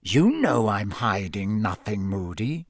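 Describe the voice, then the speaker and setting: A man voicing a cold, sneering male potions teacher who speaks in a soft, dangerous hiss. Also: fairly high pitch, sing-song, unhurried, pitched above the performer's own voice, heavily acted.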